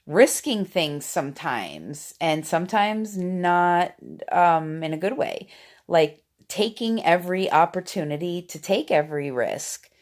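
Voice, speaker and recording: Woman, forties, low-ish voice, unhurried, rambling monologue, sudden loud outbursts and hushed asides, phone camera vlog. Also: expressive. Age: 40s. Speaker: vlogger. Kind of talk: casual talking-head monologue.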